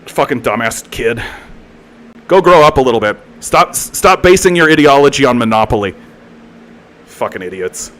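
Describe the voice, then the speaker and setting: A man's voice: mid-range voice, lively intonation, normal speed, pauses often, a bit bright. Profane ranting Canadian man streamer. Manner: profane, heated, mocking, lots of filler and repeats. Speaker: political commentary streamer. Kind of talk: live-streamed political rant.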